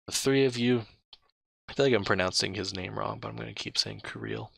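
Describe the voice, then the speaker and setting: Deep, bright-toned man reading a story. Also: fairly quick, vocal fry, slightly rough, dry recording. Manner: chatty, comments on his own slips and laughs mid-read. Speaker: reader of an interactive adventure story. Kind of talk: casual read-aloud narration.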